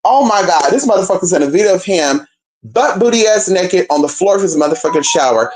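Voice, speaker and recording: A woman's voice: on the low side, animated, a little fast, a little mellow, slight background noise. A brash, profane woman from Northern California telling a gossipy story and talking straight to her viewers. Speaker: storyteller vlogger. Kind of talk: casual storytime chat.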